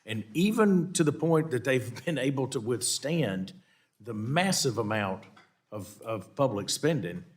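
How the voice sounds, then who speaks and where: A man with a Southern American accent questions witnesses at a hearing in a lowish voice. He stops and restarts often, repeating words before landing a pointed question.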